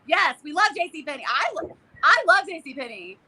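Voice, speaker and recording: Brisk and high-voiced, a woman co-hosts a casual live chat as an auditioning actor. She's animated, pokes fun at her co-host and acts out voices for others.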